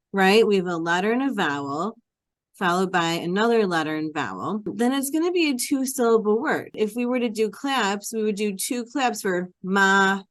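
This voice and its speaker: A woman's voice: medium pitch, no echo, clean studio sound. A woman who teaches Hebrew, explaining a reading lesson step by step in a patient, repetitive classroom manner.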